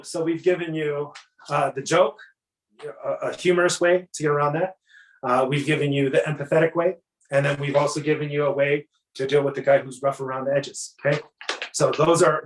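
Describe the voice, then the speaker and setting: Energetic man coaching salespeople, echoey room. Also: on the high side, slight background noise. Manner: energetic, acts out customer dialogues. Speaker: sales trainer. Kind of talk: casual sales coaching talk.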